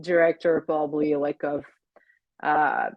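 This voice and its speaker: A young French Canadian woman, French her first tongue, talks as a podcast guest. Her voice sits low, and she hesitates often, leaning on fillers and slipping into laughter. The recording is dry and close. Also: flat delivery, measured pace, no echo, highs cut off. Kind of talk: casual interview chat.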